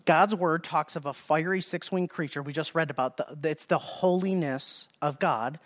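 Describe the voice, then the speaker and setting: A man's voice: on the high side, normal speed, slight background noise. Male preacher, Bible-teaching sermon, casual conversational delivery, frequent "okay?" check-ins, reads King James scripture aloud.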